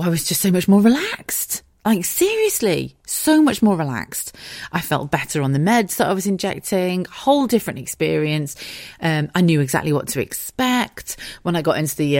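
A woman hosting her own podcast, telling a personal story at home in a frank, animated and sweary way. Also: sits low, no echo, studio quality. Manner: frank, sweary and animated, acts out quoted voices. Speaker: podcast host. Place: home, dogs audible nearby.

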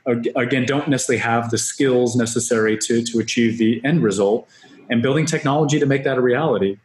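A man as a software company guest on a podcast, upbeat business talk with frequent restarts. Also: mid-range voice, fast, slight background noise. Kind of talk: podcast interview. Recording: roomy echo.

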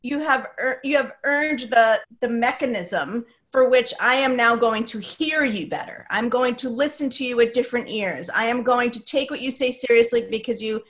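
A woman hosts a conversational podcast. Her voice is fairly high, and she speaks emphatically, often restarting and repeating phrases for stress. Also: moderate pace, few pauses, fairly bright tone. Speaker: podcast host. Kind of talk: conversational interview.

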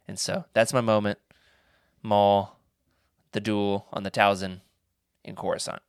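A man's voice: lowish voice, unhurried, smooth, dry recording, clean studio sound. A man co-hosting a casual podcast, rambling through stories with restarts and acting out the people in them. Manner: rambling anecdotes with restarts and animated quoted voices. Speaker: podcast co-host. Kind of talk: casual chat.

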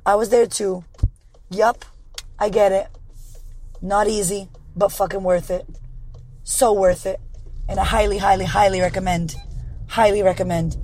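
Hoarse woman giving a blunt pep talk. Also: medium pitch, steady tone, unhurried, pauses often, a little mellow, a little hiss or hum, poor audio. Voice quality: blunt, profane, emphatic. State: hoarse, raspy voice. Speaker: podcast host. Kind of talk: motivational monologue.

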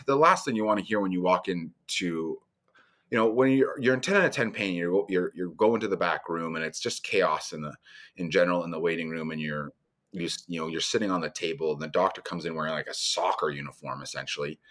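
A man as a podcast guest, telling a story in a casual, animated way, his voice jumping up when he recounts his alarm. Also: brisk. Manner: animated, pitch leaps when retelling alarm, laughing through the story.

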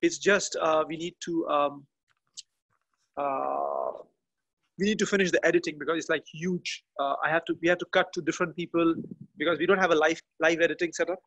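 A man chatting as a podcast guest from a garden outdoors, halting and often restarting as he searches for words. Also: fairly high pitch, fairly even intonation, fairly bright tone, highs cut off. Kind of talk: casual interview chat.

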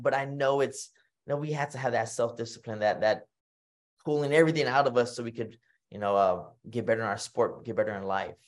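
Texan man telling lively stories. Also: mid-range voice, fast. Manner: animated storytelling, acts out quoted voices, frequent fillers and restarts. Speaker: podcast guest, retired boxer. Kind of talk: storytelling in casual conversation.

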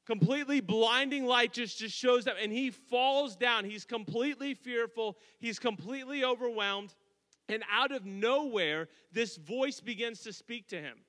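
A man's voice: extremely high pitch, a little slow, a bit bright. A man preaching a sermon, retelling a scripture story with casual asides and dramatic emphasis. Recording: long hall reverb.

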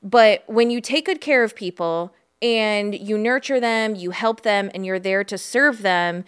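A woman co-hosting a podcast in loose, chatty talk, with a smooth and clear voice. She runs on in quick asides with lively energy. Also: mid-range voice. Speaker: podcast co-host, real estate agent. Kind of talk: casual chat.

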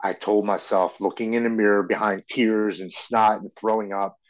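A man in his forties speaks as a podcast guest, telling his story earnestly and tripping over his words, repeating them as he goes. His voice sits on the low side. The recording sounds dull and lo-fi. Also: fairly even intonation, moderate pace. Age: 40s. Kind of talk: personal storytelling in an interview.

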